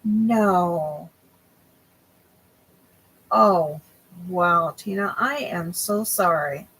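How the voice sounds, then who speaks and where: A woman's voice: on the low side, very slow, a bit bright, husky, low-quality recording. A young woman hosting a crochet livestream, chatting casually with viewers and often losing her train of thought.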